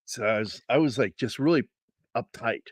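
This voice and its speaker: A man's voice: mid-range voice, normal speed, no room sound, clean studio sound. A man, a comic book artist, telling an anecdote casually with profanity and restarts in a livestream interview. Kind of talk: casual storytelling.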